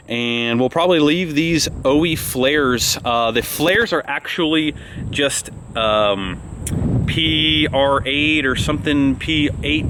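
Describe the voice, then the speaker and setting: A man's voice: mid-range voice, a bit bright, slight background noise. A man hosting a casual vlog, rambling and amped up as he walks through his plans. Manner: rambling and amped up, talking fast. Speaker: vlog host.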